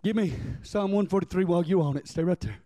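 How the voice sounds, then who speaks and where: A man's voice: high-pitched, quick pace, warm tone, no room sound. A man preaching a sermon in a folksy way, repeating himself and calling on the congregation to answer. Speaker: pastor.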